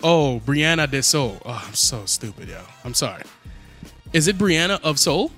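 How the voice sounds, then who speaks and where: A man's voice: fairly high pitch, sing-song, moderate pace, a bit bright, faint music behind. A man co-hosting a podcast in crude, casual banter, laughing and swearing and stumbling over names. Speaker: podcast co-host.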